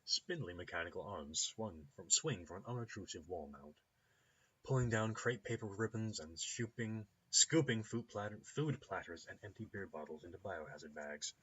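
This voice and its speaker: Husky, lively man reading game text. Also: low voice, normal speed, highs cut off. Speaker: let's play host.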